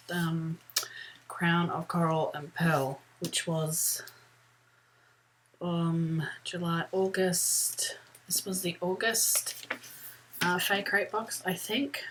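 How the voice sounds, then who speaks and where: A woman's voice: lowish voice, fairly even intonation, takes it slowly, pauses often, a bit bright, a little hiss or hum, rough recording. A middle-aged woman vlogging from a room at home, talking in a rambling, chatty way with lots of ums. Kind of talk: casual chat.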